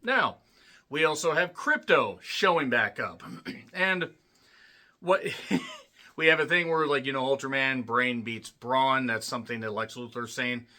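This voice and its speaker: Bright-voiced man recapping a movie. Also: mid-range voice, a little slow. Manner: rambling, profane, clears throat often. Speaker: movie reviewer. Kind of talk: casual spoken film recap.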